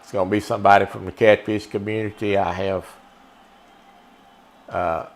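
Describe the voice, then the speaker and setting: A man with a drawl talks over his baseball game in a chatty, folksy way, addressing his viewers directly. His voice sits on the low side, relaxed and conversational, picked up on a desk mic at his gaming setup. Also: moderate pace, a little hiss or hum. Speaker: streamer playing a baseball video game. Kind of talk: casual live-stream commentary.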